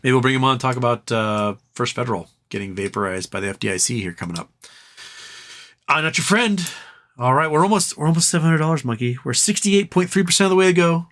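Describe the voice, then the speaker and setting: A man's voice: mid-range voice, lively intonation, fast talker, a bit bright. A man hosting a casual livestream, reading viewer comments aloud and riffing on them in a loose, joking, profane way. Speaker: livestream host.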